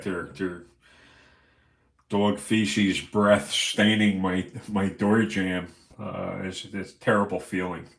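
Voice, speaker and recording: A man's voice: deep voice, echoey room. A man hosting a livestream, ranting angrily and profanely in a rambling way. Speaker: livestream host.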